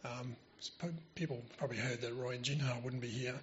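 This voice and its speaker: A man's voice: mid-range voice, level tone, brisk, slightly rough, muffled recording. A man giving an informal presentation at church, speaking into a microphone held close, with frequent fillers and restarts. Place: church hall. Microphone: handheld microphone held close.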